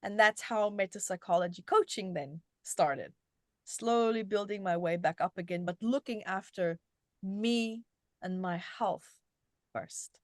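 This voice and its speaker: A middle-aged woman from South Africa, a guest telling her story in an animated, conversational way, often restarting her sentences. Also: mid-range voice, a little slow, dry recording, clean studio sound. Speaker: guest, self-help author.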